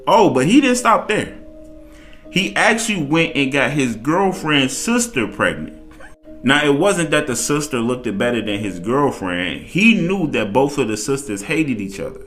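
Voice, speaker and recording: A man's voice: medium pitch, fairly bright tone. A man casually retelling a dramatic cheating story, acting out the quoted lines as he goes.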